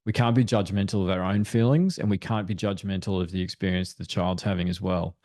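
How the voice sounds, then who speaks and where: A man's voice: sits low, fairly even intonation, a little fast, darkish tone, dry recording, studio quality. A man speaking as a parenting expert guest in a webinar discussion, explaining in an earnest way. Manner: earnest, explanatory, acts out quoted thoughts.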